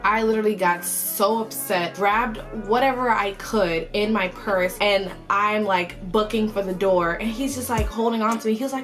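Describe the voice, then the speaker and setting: A young adult woman beauty vlogger telling a story in a casual, animated way, saying "like" a lot. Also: medium pitch, moderate pace. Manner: chatty, animated, heavy use of "like". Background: background music.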